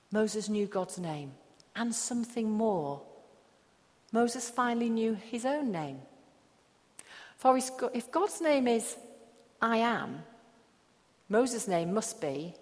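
A woman pastor preaching a sermon, slow and emphatic with long pauses. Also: a little high. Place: church hall. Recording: echoey hall.

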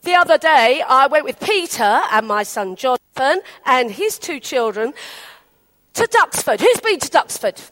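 A woman's voice: high-pitched, measured pace. A woman from England preaching a sermon in a chatty storytelling way, acting out the people in her anecdotes. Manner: chatty, animated, acts out quotes.

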